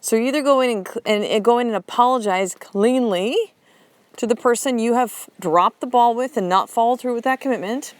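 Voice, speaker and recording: A woman's voice: fairly high pitch, a little fast, no room sound. A woman hosting a motivational podcast, talking bluntly and emphatically and swearing freely. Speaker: podcast host.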